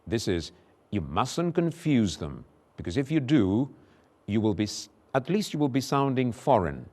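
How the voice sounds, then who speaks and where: A man teaching English pronunciation in a recorded lesson, slowly repeating example words with careful articulation. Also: medium pitch, big pitch swings, darkish tone.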